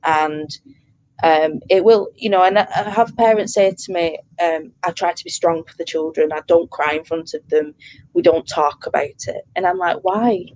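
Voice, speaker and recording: A woman in her thirties, a pet bereavement counsellor, talking earnestly and warmly in an interview, with many fillers and restarts. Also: lowish voice, fairly even intonation, moderate pace, poor audio. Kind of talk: interview conversation.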